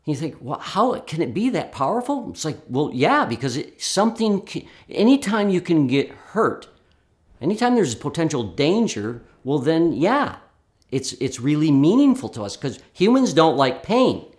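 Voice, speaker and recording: Animated man retelling a stage demonstration. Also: on the high side, normal speed. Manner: animated, acts out dialogue with voice changes. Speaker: speaker explaining a demonstration. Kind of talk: storytelling talk to camera.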